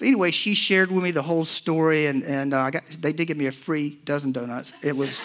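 A pastor, a man in his forties or older, preaching a sermon and telling personal stories, swinging between hushed and loud moments. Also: on the high side, fast talker. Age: 40s or older.

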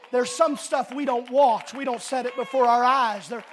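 A middle-aged man preaching a sermon in a church, swinging between emphatic shouted declarations and quiet, chatty asides to the congregation. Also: very high voice, normal speed, hardly any pauses, some chatter behind, a little hiss or hum.

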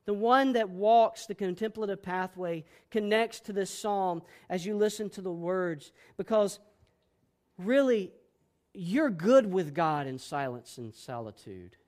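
A man preaching a sermon as pastor, boisterous and emphatic, swinging between loud declarations and hushed, soft passages. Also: sits high, animated, unhurried.

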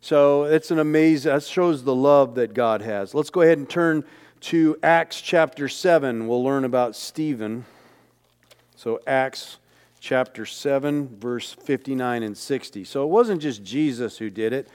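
A man preaching a sermon in church, talking to the congregation in a relaxed way, with joking asides and rhetorical questions. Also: mid-range voice, measured pace, clean tone.

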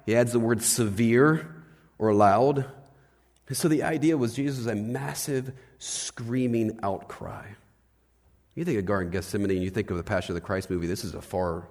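A man preaching a sermon as pastor, animated, swinging between loud bursts and hushed lines and asking his listeners questions. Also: lowish voice. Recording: long hall reverb.

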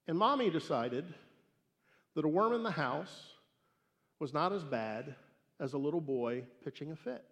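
A man preaching a sermon and telling a story, emphatic and swinging between loud declarations and hushed asides. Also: on the high side, very animated, measured pace. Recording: echoey hall reverb.

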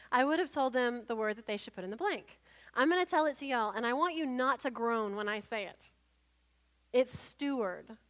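Lady pastor preaching, high voice, funny lively storyteller. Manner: humorous, animated storyteller. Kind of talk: sermon.

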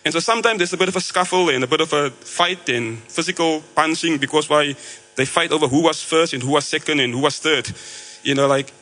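A man's voice: on the high side, sharp tone, poor audio. An Australian man preaching a sermon, telling a story conversationally with frequent fillers and restarts.

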